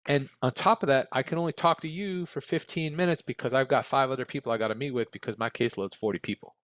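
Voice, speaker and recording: A man's voice: mid-range voice, fast talker, fairly bright tone, no room sound. An American man, a former case manager, answering interview questions bluntly and candidly, often tagging on "right?" and "okay?". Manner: blunt and direct, with frequent tag questions. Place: interview room.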